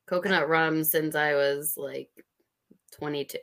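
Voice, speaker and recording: A woman's voice: deep voice, fairly even intonation, unhurried, fairly bright tone. A woman from the US Midwest co-hosting a casual podcast chat, teasing and laughing often. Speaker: podcast co-host.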